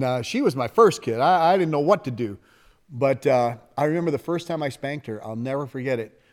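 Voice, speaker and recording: A man's voice: mid-range voice, darkish tone. A middle-aged man preaching a sermon in a folksy, conversational way, with asides and laughter shared with his congregation. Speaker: pastor.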